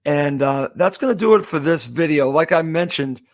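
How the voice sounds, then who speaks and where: A man from the area, hosting a podcast and giving an emotional farewell, halting and full of thanks. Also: fairly high pitch, lively intonation, dry recording. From Boston area, USA. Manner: halting, with repeated thanks and restarts. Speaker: podcast host. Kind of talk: heartfelt farewell monologue.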